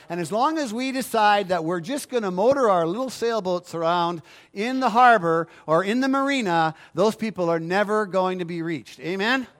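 A man's voice: high voice, a bit bright. A middle-aged male pastor preaching a sermon, emphatic and repetitive, asking the congregation for agreement.

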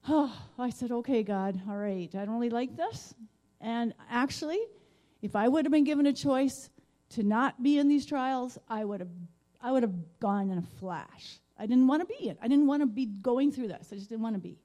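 Halting middle-aged woman giving testimony. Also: fairly high pitch, dark tone. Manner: halting, emotional, many fillers. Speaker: guest speaker. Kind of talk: personal testimony. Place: church sanctuary.

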